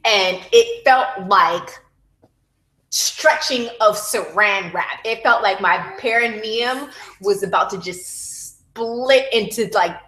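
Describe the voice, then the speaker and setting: A woman's voice: mid-range voice, slow, sharp tone, echoey room, poor audio. A mother telling her home birth story to a group, candid and profane, acting out her own screams. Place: room at a baby celebration.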